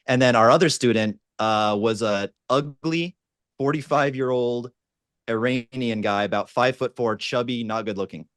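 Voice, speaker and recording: A man speaking on a video call, retelling a story with lively energy in an everyday mid-pitched voice. The sound is dry and close, with no room around it. He talks casually and fast, like he's on a panel. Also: dry recording. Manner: animated storyteller, mimics voices. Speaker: dating coach.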